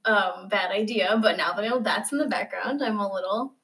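A woman's voice: mid-range voice, brisk, fairly bright tone. A woman in casual chat with friends, eager and giggly, talking in starts and stops.

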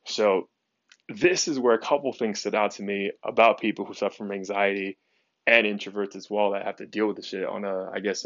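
A young man with a lowish voice tells a personal story as a podcast host, candid and peppered with swearing and "you know"s. The sound is dry and close, but a little dull and lo-fi. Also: fairly bright tone, dry recording. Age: young adult. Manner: candid, heavy swearing, lots of fillers.

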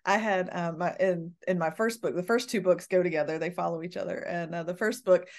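A woman's voice: fairly low pitch, fairly even intonation, a little fast. Chatty woman host who laughs easily. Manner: chatty, laughing, acting out remembered dialogue. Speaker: podcast host and author. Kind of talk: casual interview chat.

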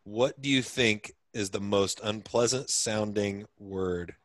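A man's voice: lowish voice, takes it slowly, no room sound. A young adult man hosting a casual podcast, telling rambling, profane stories and reading out listener answers. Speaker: podcast host.

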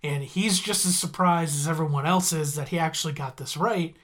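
A man's voice: fairly high pitch, brisk, fairly bright tone. Rambling man recapping an episode. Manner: rambling, goes off on tangents, self-correcting. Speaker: podcast host recapping a cartoon episode. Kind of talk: casual chat.

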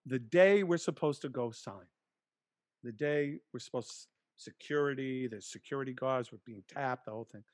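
Profane, animated male storyteller. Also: medium pitch, moderate pace, no room sound, studio quality. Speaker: guest. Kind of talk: storytelling in a podcast interview.

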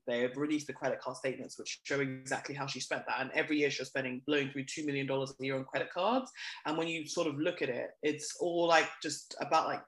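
A podcast co-host in casual chat, blunt and gossipy, laughing often and getting animated when indignant. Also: mid-range voice, echoey room, rough recording.

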